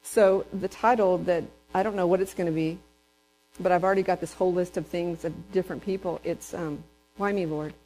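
A woman preaching a sermon, animated and conversational, breaking into high excited voices when she quotes people. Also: a little fast, rough recording.

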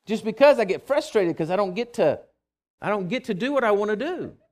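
A male pastor preaching a sermon, telling stories with emphasis, swinging from loud declarations to quiet asides and often restarting his words. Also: sits high, lively intonation, a little fast. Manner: frequent stammered restarts.

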